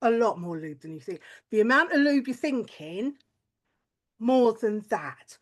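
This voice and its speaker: A woman's voice: fairly high pitch, animated, measured pace. A woman doing a crude, chatty stand-up routine, full of "like" and swearing. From lives in Wales, not Welsh-born. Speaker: stand-up comedian.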